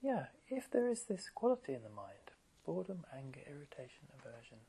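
Gravelly, husky meditation teacher. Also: male voice, fairly high pitch, sing-song, brisk, low-quality recording. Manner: gentle, conversational, asks rhetorical questions. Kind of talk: dharma talk to meditators.

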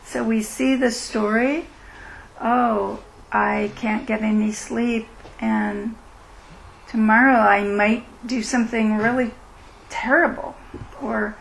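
A woman teaching mindfulness at a retreat and answering questions, in a gentle, reflective way that acts out inner thoughts. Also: fairly high pitch, little pitch movement, slow, gravelly, slight background noise, poor audio. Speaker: meditation teacher.

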